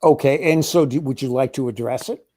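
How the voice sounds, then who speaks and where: A man in a casual political chat, talking in a wry, measured, sardonic way. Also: mid-range voice, mellow. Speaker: co-host.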